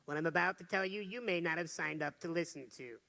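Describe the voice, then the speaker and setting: A man's voice: a little high, quick pace, vocal fry, bright, forceful tone. A man giving a motivational talk to a live audience, telling stories and putting questions to the crowd. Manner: storytelling, asks the audience questions. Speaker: motivational speaker.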